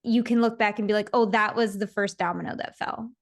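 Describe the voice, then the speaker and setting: A woman's voice: mid-range voice, steady tone, fairly quick. A woman in her thirties, a podcast guest, telling her story in a casual interview, laughing often and acting out her own inner voices. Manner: laughs often while talking.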